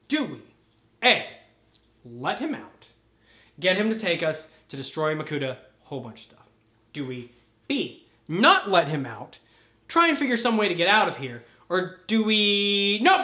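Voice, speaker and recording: A woman hosting a casual chat, retelling a story in an animated way, laughing and swearing as she goes. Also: medium pitch. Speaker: host. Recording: roomy echo.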